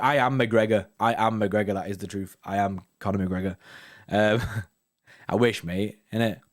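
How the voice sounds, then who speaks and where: Slangy young man rambling casually. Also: mid-range voice. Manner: slangy and rambling, repeating "innit" and "you know what I mean". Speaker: host of a football fan live stream. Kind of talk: casual live-stream chat, reading viewer comments.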